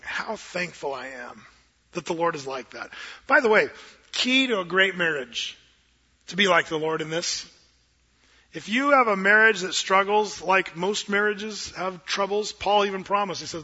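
Bright high-voiced man preaching. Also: normal speed, husky, muffled recording. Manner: animated, joking, acts out quoted voices. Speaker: pastor. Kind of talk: sermon.

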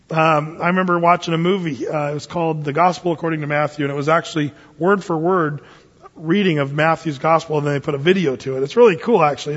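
A pastor teaching a conversational Bible sermon, reading scripture slowly and adding folksy, humorous asides. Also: male voice, fairly high pitch, fairly bright tone. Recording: dull lo-fi sound with long hall reverb.

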